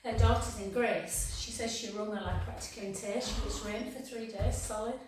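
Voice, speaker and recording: A woman's voice: a little high, brisk. English woman, middle-aged, fitness instructor, gossipy chat, very echoey room, distant, faint noise. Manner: chatty, gossipy, counting reps between stories. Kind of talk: chatty workout class instruction.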